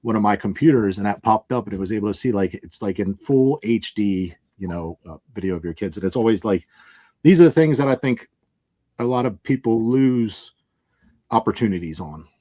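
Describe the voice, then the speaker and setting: Man, from Pennsylvania, fast-paced, slightly low voice, rambling animated storyteller, casual podcast guest. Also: no echo. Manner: rambling, animated, laughs often, acts out quotes. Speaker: moving company owner, guest.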